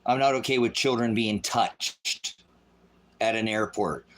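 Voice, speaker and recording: A middle-aged man preaching in an angry, profane livestream style, voice swinging loud. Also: on the low side, measured pace. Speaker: street preacher.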